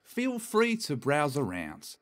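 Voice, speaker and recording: A performer voicing a polite game shopkeeper who greets customers with slow, welcoming, scripted lines. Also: mid-range voice, wildly swooping pitch. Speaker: in-game shop trader.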